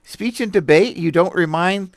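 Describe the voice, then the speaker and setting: Man, streamer, rambling commentary, lots of fillers, slightly high voice, dry close sound. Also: moderate pace, no room sound. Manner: rambling and animated, many fillers and laughs. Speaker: host reviewing articles. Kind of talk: casual commentary on a live stream. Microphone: desk mic with a stream deck.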